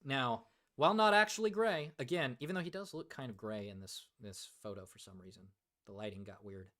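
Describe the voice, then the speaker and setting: A man's voice: mid-range voice, animated, a little fast, bright, forceful tone. A man hosting a casual livestream, joking around and reading viewer comments aloud. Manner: joking, reads chat aloud, many fillers. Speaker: livestream host.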